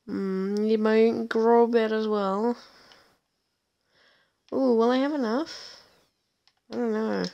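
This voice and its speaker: A woman's voice: on the high side, steady tone, slow, gravelly, pauses often, mellow, muffled recording. A young adult woman streaming a game, muttering her plans to herself as she plays. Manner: mutters to herself while playing. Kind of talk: casual gameplay commentary. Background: game music.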